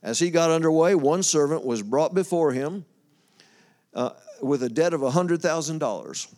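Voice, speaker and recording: A man delivers a sermon in a relaxed, conversational way, his voice sitting a little high for a man. He reads scripture aloud, stops to explain it, and chats with his listeners. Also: moderate pace. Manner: folksy, talks to the congregation, loses his place and laughs. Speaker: preacher.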